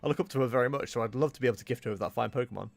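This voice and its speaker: A shy, well-mannered young girl, read aloud by a man in his everyday voice. She speaks earnestly and formally, at a fast pace. The voice is dry and close-miked. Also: mid-range voice, vocal fry, no room sound, natural voice. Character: shy, polite young girl who bakes donuts. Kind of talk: reading game dialogue aloud.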